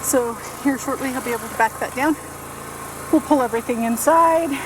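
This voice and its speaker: A woman talks casually to the camera while working around a cabin, filling her sentences with "so" and "um". Her voice sits a little high. The camera audio is noisy. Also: brisk. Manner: chatty, lots of fillers and "so". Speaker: vlogger. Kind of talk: casual vlog narration. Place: snowy cabin, indoors and out.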